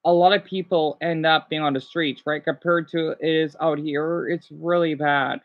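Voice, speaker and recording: A man's voice: on the high side, steady tone, moderate pace. Chatty man in his thirties, rambling. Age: 30s. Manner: rambling, chatty, self-correcting. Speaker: vlogger. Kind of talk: casual chat commentary. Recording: dull, lo-fi recording.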